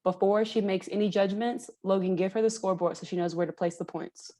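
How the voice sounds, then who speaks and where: A woman's voice: medium pitch, fairly even intonation, fairly quick, warm tone. A woman hosting a live trivia game, upbeat and encouraging, laughing often. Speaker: trivia host.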